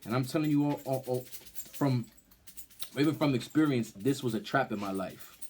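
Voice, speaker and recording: A man's voice: normal speed, faint music behind. Fiery man preaching, keeps asking "right?". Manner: emphatic, keeps asking "right?", stumbles and repeats words; grows loud and high when heated. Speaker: street-style Bible teacher. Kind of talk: fiery religious teaching.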